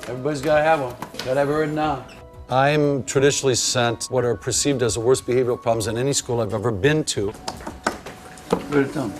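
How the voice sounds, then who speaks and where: A man's voice: medium pitch, steady tone, quick pace, faint music behind. A man who teaches elementary school, talking frankly and with energy about his class. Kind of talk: documentary interview and classroom teaching.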